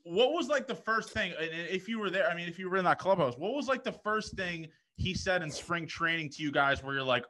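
A man's voice: high voice, animated, brisk, few pauses, bright, forceful tone. A man hosting a podcast, asking rambling, enthusiastic questions. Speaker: podcast host. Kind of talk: casual interview questions.

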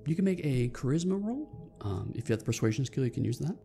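Running a tabletop role-playing game, this gravelly-voiced game master speaks fast in a mellow, mid-range voice with big pitch swings. He narrates and explains the rules loosely and ramblingly, restarting his sentences, as faint music plays behind him.

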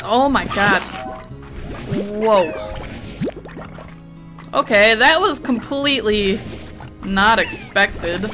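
A woman playing a video game and commentating, excitable and swearing heavily as she scolds the creatures. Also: mid-range voice. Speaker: let's play gamer. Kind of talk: let's play commentary. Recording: game music playing underneath.

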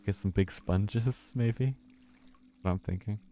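Low-voiced man muttering through a horror game. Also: slow pace, warm tone, slight background noise. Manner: talks to himself, swears, laughs nervously. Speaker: streamer playing a horror game. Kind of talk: casual let's-play commentary.

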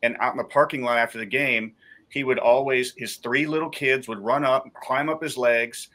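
A man's voice: medium pitch, steady tone, normal speed, fairly bright tone. A man who is a guest in a faith interview, telling his personal testimony in a heartfelt way. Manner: heartfelt storytelling.

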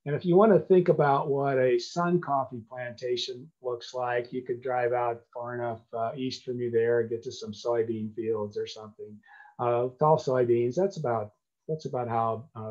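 A man's voice: medium pitch, darkish tone, muffled recording. An older man from the United States giving an earnest, conversational talk to a conservation club, often restarting his sentences. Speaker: conservation speaker. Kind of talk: lecture to a club.

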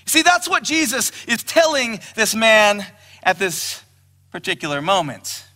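Male pastor, sermon delivery, very bright, animated pitch, emphatic. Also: unhurried. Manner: emphatic preaching, quotes scripture in raised voice. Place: church hall. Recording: long hall reverb.

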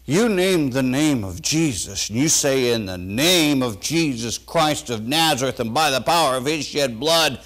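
A pastor preaching a sermon to his congregation, folksy and animated, swinging between loud bursts and quiet asides. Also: medium pitch, a little slow, hardly any pauses. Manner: folksy, talks straight to the congregation.

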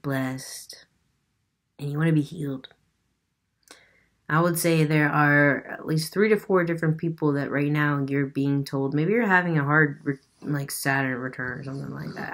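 A woman's voice: low voice, a bit bright. A woman giving a casual tarot reading with an unusual accent, chatty and loose, swearing now and then. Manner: chatty, swears, laughs at herself. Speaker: tarot reader.

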